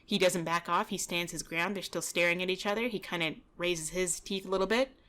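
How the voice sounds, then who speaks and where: A woman dog trainer giving relaxed, casual commentary over video footage, explaining with lots of "you know" and "kinda". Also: lowish voice, brisk.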